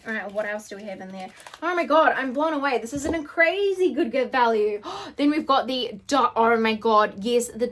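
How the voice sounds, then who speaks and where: Woman vlogger, fairly high voice, gushing unboxing chat full of gasps and squeals, faint background hiss. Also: animated, moderate pace, few pauses, fairly bright tone. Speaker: beauty vlogger.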